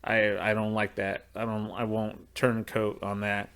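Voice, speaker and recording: A man's voice: fairly low pitch, completely flat delivery, a little slow, a bit bright, clear, resonant tone. A man co-hosting a podcast, chatting casually about sports, often repeating words and correcting himself. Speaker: podcast co-host. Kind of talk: casual chat.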